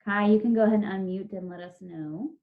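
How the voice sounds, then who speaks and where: A patient, encouraging woman teacher leading a spelling lesson over a video call. She draws each word out slowly as she dictates, at a middle pitch. The call audio sounds dull and lo-fi. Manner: slow, drawn-out dictation of words.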